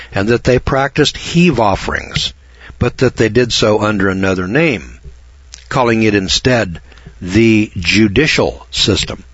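A low-voiced older man telling a story in a husky tone, with frequent restarts and slow, deliberate emphasis. The recording is dull and lo-fi, and it sounds dry and close. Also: fairly bright tone, dry recording. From Idaho. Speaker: speaker telling a personal story. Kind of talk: casual storytelling, reading from notes.

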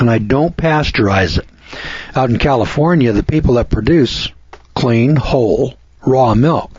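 A man's voice: mid-range voice, darkish tone, breathy edge, no room sound. An older man hosting a radio show, giving folksy, preachy commentary and stretching key words for emphasis. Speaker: radio host. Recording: dull lo-fi radio sound.

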